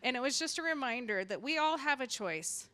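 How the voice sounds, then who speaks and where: Woman, event host, bright tone, slightly high voice, heartfelt, repeats her motto. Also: expressive, fairly quick. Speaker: event host, nonprofit founder. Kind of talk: emotional live event speech. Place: event hall with audience.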